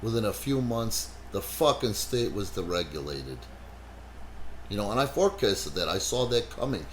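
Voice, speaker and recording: A man's voice: on the low side, normal speed, a little hiss or hum. Brash, profane man telling stories. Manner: animated, swears heavily, frequent "you know". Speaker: wrestling promoter and podcast host. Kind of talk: casual profane podcast storytelling.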